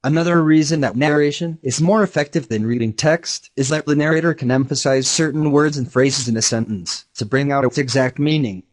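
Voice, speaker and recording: A text-to-speech male voice giving a measured, explanatory scripted lesson narration. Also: on the high side. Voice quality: even synthetic delivery.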